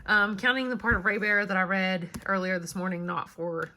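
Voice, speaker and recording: A woman's voice: medium pitch, fairly even intonation, normal speed, sharp tone, slight background noise. Tired, chatty young woman book vlogger. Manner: chatty, self-deprecating, laughs lightly. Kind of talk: casual chat to camera.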